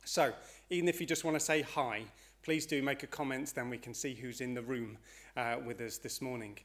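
A man's voice: medium pitch, fairly even intonation, moderate pace, a bit bright. A man leading a church service, slightly out of breath, giving notices with frequent hesitations. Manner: hesitant, many uhs and ums.

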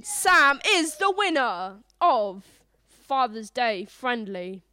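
A woman giving playful, excited sports-style commentary on a family table game. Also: extremely high pitch, takes it slowly, no echo. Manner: excited, animated.

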